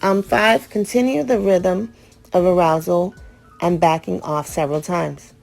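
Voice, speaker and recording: A woman's voice: fairly low pitch, steady tone, measured pace, creaky, darkish tone, soft background music. A woman hosting a radio show, reading out ritual steps and breaking off for blunt, profane, joking asides.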